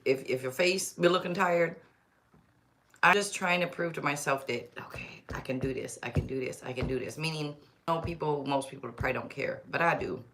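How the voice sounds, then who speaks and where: A woman's voice: low-pitched, a bit bright. A woman hosting a tarot live stream, chatting casually and rambling, often talking to herself. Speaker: tarot reader livestream host. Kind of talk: casual livestream chat.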